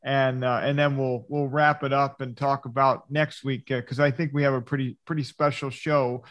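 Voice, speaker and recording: Mid-pitched male talk show host. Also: flat delivery, normal speed, a bit bright. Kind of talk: casual talk-show hosting.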